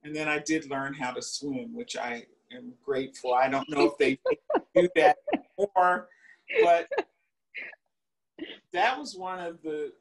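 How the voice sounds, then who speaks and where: A woman in her seventies, an alumna giving an oral history interview, unhurried and searching for details as she reminisces. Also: deep voice, expressive, gravelly, low-quality recording.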